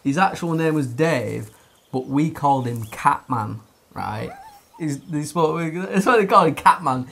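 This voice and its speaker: A man's voice: on the high side, lively intonation, a little slow, creaky, fairly bright tone, a little hiss or hum. A young man telling a long story in casual podcast chat, swearing often, laughing and using lots of fillers.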